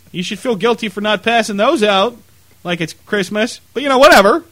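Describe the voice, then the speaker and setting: A man co-hosting a casual podcast, telling stories in a loose, profane, animated way. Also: high-pitched, normal speed, no room sound. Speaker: podcast co-host. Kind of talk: casual chat.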